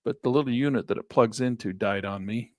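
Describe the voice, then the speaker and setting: A man's voice: mid-range voice, a little fast, no room sound, clean studio sound. A man on a headset mic teaching a live trading lesson, chatting and thinking aloud as he works through charts. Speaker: trading instructor. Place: small office near a parking lot.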